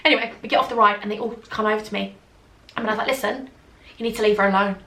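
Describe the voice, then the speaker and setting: A woman's voice: medium pitch, steady tone, racing, bright, forceful tone, slight background noise. A young woman telling a funny story to camera in a chatty, giggly way, acting out what others said. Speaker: beauty vlogger. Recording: echoey room.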